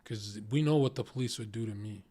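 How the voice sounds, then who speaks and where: A man's voice: fairly low pitch, a little fast. A man streaming, telling a story casually in a blunt, profane way. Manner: profane, blunt, animated retelling.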